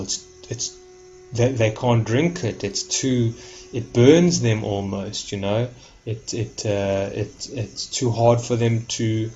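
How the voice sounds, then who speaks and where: A man's voice: medium pitch, darkish tone, muffled recording, a little hiss or hum. A man talking casually to his viewers, rambling, repeating words and restarting sentences. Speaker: vlogger.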